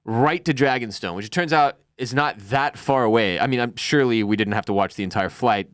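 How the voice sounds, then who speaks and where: A man's voice: mid-range voice, a little fast, smooth, no echo. Male co-host, dry studio mic, wry recap voice, jokey asides. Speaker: podcast co-host. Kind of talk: casual recap chat.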